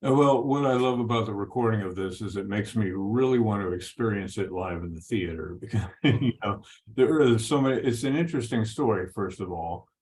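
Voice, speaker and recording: A man hosting a radio interview, relaxed, giving brief acknowledgements and leading into questions. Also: fairly low pitch, brisk. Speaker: radio host.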